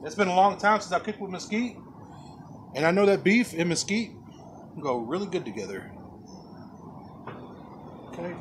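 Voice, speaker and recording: A man with a fairly high voice chats through a backyard barbecue vlog in a relaxed, folksy way, calling his viewers folks. He talks outdoors beside his smoker, with faint noise around him. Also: moderate pace, pauses often. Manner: folksy, chatty, addresses viewers as folks and y'all. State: coughing from pepper rub. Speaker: barbecue channel host. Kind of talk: casual cooking vlog.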